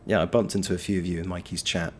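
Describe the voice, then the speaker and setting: A man's voice: deep voice, little pitch movement, fast, husky. A man chatting casually on a game livestream, reading out his chat with wry, playful banter. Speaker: game streamer.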